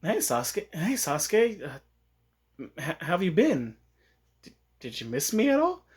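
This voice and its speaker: A man's voice: on the high side, wildly swooping pitch, a little slow, husky, heavily acted. A man voicing a teenage girl ninja who speaks hesitantly and stammers. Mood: shy hopeful.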